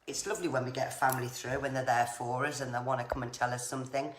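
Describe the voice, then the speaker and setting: Lady doing spirit readings on a live stream, low voice, chatty and reassuring, kinda echoey room with a bit of hiss. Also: steady tone, quick pace. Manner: chatty, reassuring, says viewers' names often. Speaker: psychic medium. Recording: echoey room with faint noise.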